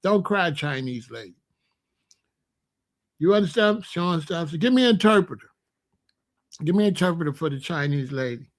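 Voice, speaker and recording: A man's voice: high-pitched, lively intonation, quick pace. A man hosting a casual monologue, talking in a loose, joking, rambling way. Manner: loose, joking and rambling, laughs at own jokes. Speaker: host.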